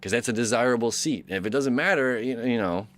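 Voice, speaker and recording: A man's voice: mid-range voice, fast talker, fairly bright tone. A man hosting a daily astrology talk, rambling and enthusiastic with lots of fillers and restarts. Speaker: astrology channel host. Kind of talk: casual daily horoscope talk.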